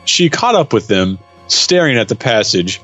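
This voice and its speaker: A man's voice: medium pitch, very animated, moderate pace, a bit bright, lo-fi sound, soft background music. A man reading a story aloud for laughs, swearing and laughing at his own stumbles. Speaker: reader. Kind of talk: comedic dramatic reading.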